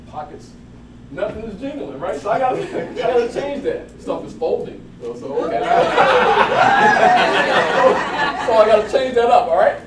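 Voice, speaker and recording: A man giving a lively motivational talk to a live audience, telling stories and laughing as he goes. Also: a little high, background noise. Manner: animated, laughing storyteller. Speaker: motivational speaker. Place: event hall with audience. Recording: roomy, distant mic with crowd.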